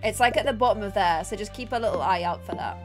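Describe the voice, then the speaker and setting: A woman's voice: medium pitch, fast talker, over music. A young woman hosting a casual gaming live stream, bubbly and giggly, chatting to her viewers and co-op friends. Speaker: streamer and host.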